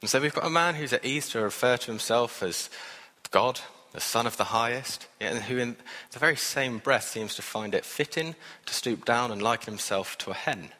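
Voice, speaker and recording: A man's voice: medium pitch, normal speed, pushed and bright. A man preaching a sermon in an earnest, conversational way, adding self-deprecating asides. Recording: reverberant hall.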